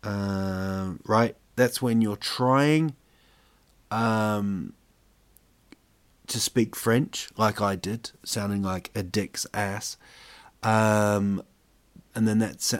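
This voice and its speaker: A man's voice: lowish voice, steady tone, drawn-out words. A man hosting a podcast in a casual, jokey, rambling monologue full of fillers. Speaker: podcast host.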